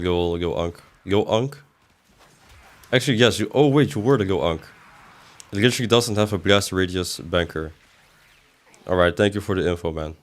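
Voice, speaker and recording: A man doing casual livestream commentary as a game streamer, reading chat aloud and answering it in a rambling way with sudden exasperated outbursts. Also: lowish voice.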